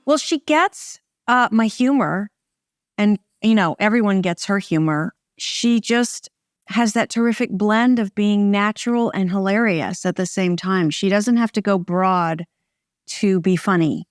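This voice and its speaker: A middle-aged American woman, a film director, chatting in an interview in a wry, relaxed way with short phrases and restarts. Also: medium pitch, a little slow, dry recording, clean studio sound. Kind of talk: casual interview conversation.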